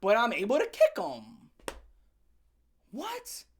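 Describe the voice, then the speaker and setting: Woman, higher voice, comedic rant, sarcastic, swears a lot, animated storytelling. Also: moderate pace. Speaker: channel host.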